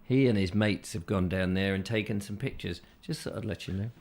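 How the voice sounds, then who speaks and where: A hoarse man with a croaky voice, hosting a chatty live show with silly, playful banter. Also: on the low side, a little fast, a little mellow. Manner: silly, playful, puts on voices and trailer narration. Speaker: host.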